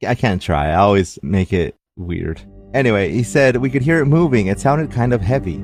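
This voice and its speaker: A man with an accent co-hosting a podcast, telling stories in a casual, animated way and laughing often. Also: fairly low pitch, moderate pace, faint music behind. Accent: non-native English. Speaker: podcast co-host. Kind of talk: casual storytelling chat.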